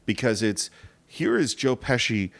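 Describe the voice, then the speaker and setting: A man's voice: mid-range voice, a little slow, gravelly. A man co-hosting a casual film discussion, retelling scenes and acting out the characters' lines. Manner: animated storyteller, acts out quoted lines. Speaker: film podcast co-host.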